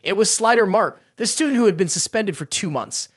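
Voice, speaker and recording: This is a scripted recap narration in which the narrator reads each character's lines in the same voice. The pitch sits in the middle and moves in an animated way. The sound is dry and close, with no room around it. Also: a little fast, no echo.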